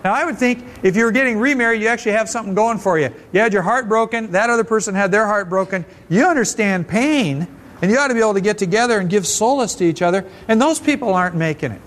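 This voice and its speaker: A man's voice: sits high, quick pace, fairly bright tone. A man preaching a conversational, folksy sermon at a church service, often restarting his phrases. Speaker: pastor.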